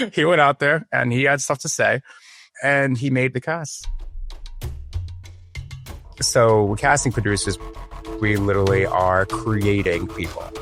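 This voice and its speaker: A man's voice: medium pitch, fairly even intonation, slow, pauses often, a bit bright, soft background music. A man, a casting producer, telling anecdotes in an interview and acting out the dialogue. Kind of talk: interview storytelling.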